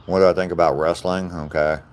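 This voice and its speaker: A man's voice: low-pitched, flat delivery, brisk. An older man from the South, chatting plainly with viewers on a live stream. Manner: plain-spoken, answers viewer comments directly. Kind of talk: casual live-stream chat.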